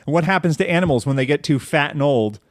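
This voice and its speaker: A man's voice: a little high, expressive, quick pace, no room sound, clean studio sound, natural voice. A man reading out a menacing, nihilistic uncle's speech from a thriller, in a plain reading voice. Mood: contemptuous. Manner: reads the lines as a quote. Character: menacing nihilistic male uncle, cold and contemptuous.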